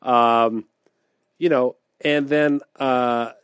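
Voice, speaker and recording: A man's voice: medium pitch, extremely slow, clear, resonant tone, no echo. Man, podcast co-host, casual storytelling, acts out voices, dry close mic. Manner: animated storyteller, acts out people he describes; laughs often while talking.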